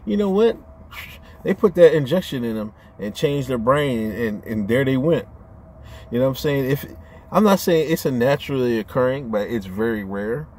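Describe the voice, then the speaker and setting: A man's voice: mid-range voice, expressive, normal speed, a little mellow, a little hiss or hum. A man ranting on his own channel in a casual, profane, rambling way, often stammering as he restarts his sentences. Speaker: vlogger. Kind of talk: casual rant to camera.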